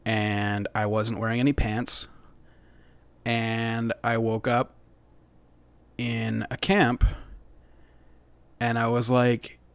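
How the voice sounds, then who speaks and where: A man's voice: medium pitch, little pitch movement, slow pace, vocal fry, pauses often, smooth, dry recording. A man voicing a nervous young man on the run, who talks in a defensive, rambling way.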